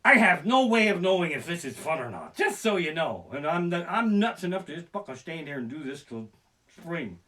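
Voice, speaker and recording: High-voiced, animated profane comic man. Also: brisk. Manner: profane, animated, self-deprecating. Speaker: comedian. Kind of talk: livestreamed stand-up comedy. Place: home living room. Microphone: barebones home streaming setup.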